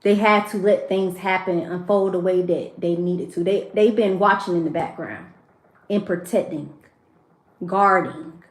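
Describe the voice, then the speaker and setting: A woman's voice: lowish voice, a little slow, reverberant. A woman reading tarot for her viewers, emotional and preachy, addressing them directly. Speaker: tarot reader. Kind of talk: spiritual tarot livestream.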